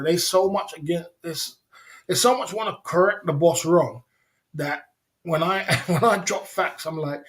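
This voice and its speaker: Brief: male livestream host, slightly high voice, loose slangy banter broken up by chuckles. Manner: laughing often, drawling slang-heavy chat. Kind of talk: casual livestream chat.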